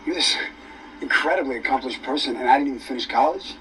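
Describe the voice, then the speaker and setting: A man's voice: medium pitch, fast talker, a bit bright, lightly acted. An actor playing an embarrassed young man in a film scene, speaking hesitantly and defending himself. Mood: defensive. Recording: film clip from a distance, with background noise.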